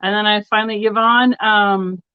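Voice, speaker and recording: A woman's voice: mid-range voice, steady tone, normal speed, clean tone. A woman talks casually over a video call, chatty and loose, full of little fillers. The sound is dull and lo-fi. The room is dry, with no echo. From Colorado. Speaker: guest seller. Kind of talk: casual chat on a live stream. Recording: dull dry lo-fi stream audio.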